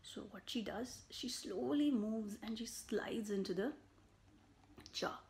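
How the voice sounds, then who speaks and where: A woman reading a picture book aloud to children, slow and animated, with buzzing and animal sound effects and soft whispered asides. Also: a little high, slight background noise. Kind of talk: children's story read-aloud.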